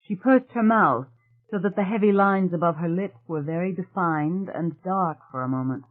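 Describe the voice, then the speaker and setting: Reading from a thriller, this audiobook narrator keeps a steady, measured storytelling tone at medium pitch. The audio has a thin, phone-like quality.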